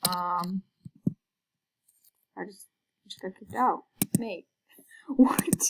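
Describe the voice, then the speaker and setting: A woman's voice: mid-range voice, steady tone, very slow, gravelly, noisy background. A woman giving hesitant, casual commentary while playing a video game, full of fillers and whispered asides. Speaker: gaming video creator.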